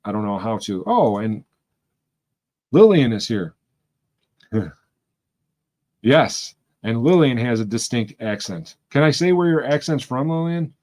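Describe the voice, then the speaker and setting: A rambling, chatty man from Western New York, hosting a live stream and talking straight to his viewers. His voice sits at an ordinary, mid-range pitch. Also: sing-song, measured pace, pauses often, a little mellow. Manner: rambling, chatty, talks to chat. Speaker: livestream host. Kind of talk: casual chat with live viewers.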